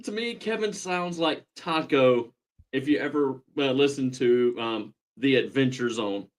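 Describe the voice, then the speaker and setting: A man game master chatting casually in animated bursts. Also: medium pitch, unhurried. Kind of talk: casual chat.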